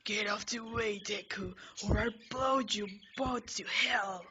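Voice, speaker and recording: A woman voicing a furious, hot-tempered teenage boy student, speaking in a harsh hissed yell. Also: mid-range voice, slow pace. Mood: snarling. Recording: slightly muffled home recording with faint hiss.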